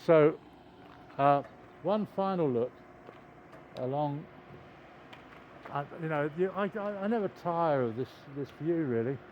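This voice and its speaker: A man's voice: fairly high pitch, lively intonation, a little slow, long pauses, highs cut off, slight background noise. An older man vlogging outdoors beside a construction site, chatting in a meandering, hesitant way with wry self-deprecating humour, filming on a handheld phone. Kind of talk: rambling casual vlog chat.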